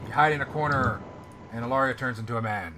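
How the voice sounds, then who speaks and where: A man's voice: mid-range voice, fast talker, pushed and bright. A man running a tabletop game as game master, narrating casually with fillers.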